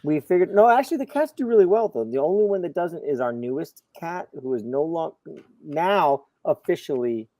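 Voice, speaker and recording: A middle-aged man on a video call, a comics show panelist, telling a long personal story in casual chat with lively quoting. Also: a little high, moderate pace, no room sound, poor audio. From Florida, USA. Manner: storytelling, animated, quotes others.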